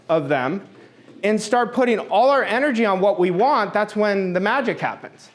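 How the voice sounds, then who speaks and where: A middle-aged man giving a motivational talk to an audience, emphatic and blunt, repeating his points and swearing now and then. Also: high voice. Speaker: motivational speaker.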